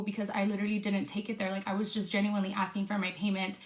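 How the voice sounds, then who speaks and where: A woman's voice: medium pitch, level tone, rapid-fire, few pauses, fairly bright tone. A woman influencer telling a storytime vlog, upset and venting with some swearing. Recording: echoey room.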